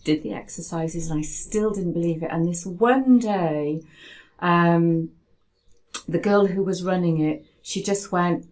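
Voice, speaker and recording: A woman with a slightly low voice talks casually from home, telling a story with animation and frequent restarts. She often stops to reword herself as she goes. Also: unhurried, poor audio. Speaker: host. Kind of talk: casual conversation. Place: home in Spain.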